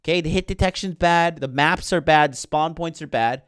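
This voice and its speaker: A male podcast host in mid rant, swearing freely and sneering at every plot turn. His voice is smooth and resonant, recorded close with no room echo. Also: a little high, moderate pace. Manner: profane, heated, sarcastic. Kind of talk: ranting film commentary.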